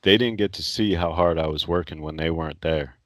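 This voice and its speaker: A man's voice: a bass voice, a little fast, no room sound. A man who is a podcast guest, telling his own story in a candid, blunt, casual way and swearing freely.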